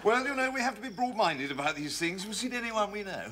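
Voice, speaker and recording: An actor playing a pompous, smug English gentleman with a plummy, affected, superior way of talking. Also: sits high, lively intonation, fast, a little hiss or hum. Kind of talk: 1980s TV sitcom acting.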